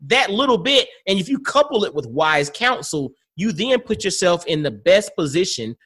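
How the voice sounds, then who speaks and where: Guy hosting a podcast, high voice, really animated, keeps hyping his guest. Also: husky. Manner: animated, affirming, quick to react. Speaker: podcast host. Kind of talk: casual podcast interview.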